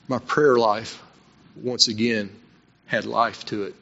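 A man's voice: lowish voice, steady tone, slow, gravelly, bright, forceful tone, a little hiss or hum. A man preaching a sermon, telling his own story earnestly and with emphasis. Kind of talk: sermon with personal testimony. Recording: dull lo-fi recording.

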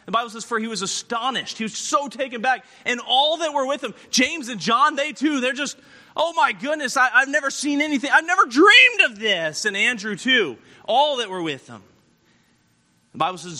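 High, bright preacher in a reverberant hall. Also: male voice. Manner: acts out Bible characters with shifting voices, shouting at peaks. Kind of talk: animated sermon storytelling.

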